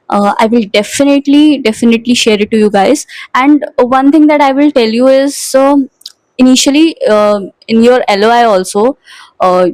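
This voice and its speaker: A woman's voice: fairly high pitch, no room sound, rough recording. Chatty young Indian woman, dry close sound. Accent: Indian English. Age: 20s. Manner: chatty, mixes Hindi into English. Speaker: vlogger. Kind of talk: casual chat.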